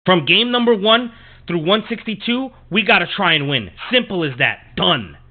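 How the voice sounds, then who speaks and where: A man's voice: high-pitched, animated, moderate pace. Profane, ranting man on tinny audio. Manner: profane, heated, repetitive ranting. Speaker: podcast host. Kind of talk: ranting sports podcast monologue.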